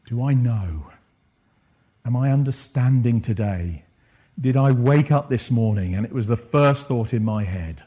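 A man's voice: medium pitch, unhurried, dark tone, breathy edge. A man preaching a sermon, reflective and questioning, rising at times into impassioned bursts.

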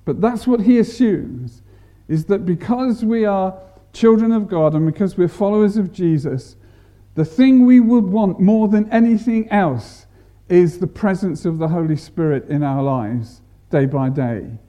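A man preaching a sermon, deliberate, repeating and stressing words to make his point. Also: high-pitched, dark tone.

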